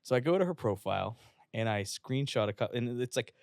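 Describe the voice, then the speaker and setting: This is a casual storytelling clip from a young West Virginian fitness influencer, profane and animated, who acts out the quotes he relays. His medium-pitched voice is creaky and fairly quick. A podcast studio microphone delivers a dry, studio-quality recording.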